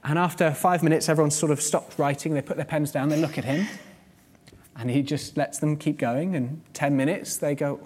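High-voiced man preaching a sermon. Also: steady tone, moderate pace, darkish tone, slight background noise. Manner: conversational, earnest teaching with vivid everyday examples.

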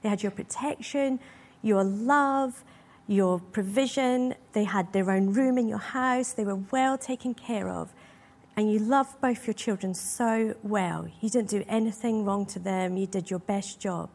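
A woman preaches to a congregation in a heartfelt, earnest way. Her voice sits at a middling pitch and carries real feeling, and she leans on rhetorical questions to draw her listeners in. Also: measured pace, darkish tone. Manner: earnest, emotional, asks many rhetorical questions. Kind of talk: sermon.

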